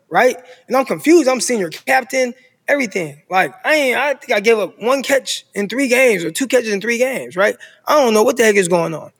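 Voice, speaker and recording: A high-pitched man in his thirties from Stockton, California, speaking in a large hall, tells his own football story in casual podcast talk. A former player and podcast guest, he's an animated storyteller who acts out the people in it, including coaches' voices.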